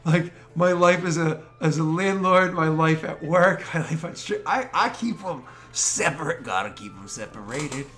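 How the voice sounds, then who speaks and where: A man from the United States running a tabletop game, chatting and joking with his players in a rambling, animated way. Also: on the high side, measured pace, hardly any pauses. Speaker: game master.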